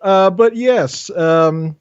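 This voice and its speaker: A man's voice: high-pitched, drawn-out words, clear, resonant tone, no echo, muffled recording. Stammering man from Southern California. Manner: stammering, self-mocking, laughs often. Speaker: interview guest, animator and voice actor. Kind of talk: casual interview chat.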